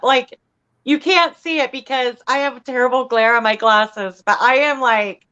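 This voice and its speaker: High, bright, gushing woman co-host. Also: steady tone, normal speed, clean tone, dull audio. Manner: gushing, many "like"s. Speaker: co-host of a crochet livestream. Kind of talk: casual livestream chat.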